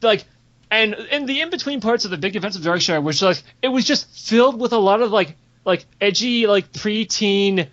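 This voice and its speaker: A young man with a high voice co-hosts a podcast, telling stories in casual chat at normal speed. He is animated and profane, laughs as he talks, and acts out quoted voices, all on dull lo-fi podcast audio.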